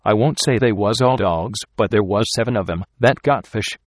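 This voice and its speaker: A weary trail driver out in the frozen wilds, as a man reads him aloud, grave and insistent in his rough backwoods talk. The voice sits low. The sound is dry and close, with no room around it. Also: normal speed, no room sound, natural voice. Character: weary male frontier trail driver, uneasy.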